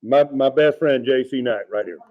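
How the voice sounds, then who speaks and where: A man, a former Marine instructor, ribbing his friends bluntly and speaking warmly of his comrades. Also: mid-range voice, normal speed, phone-quality sound. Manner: teasing, blunt, heartfelt about comrades. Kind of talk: casual chat.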